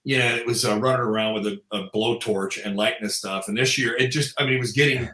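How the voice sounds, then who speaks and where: Bright-voiced police officer guest, roomy sound. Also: male voice, mid-range voice, fast talker. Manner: animated storyteller, many fillers. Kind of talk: casual interview storytelling. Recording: echoey room sound.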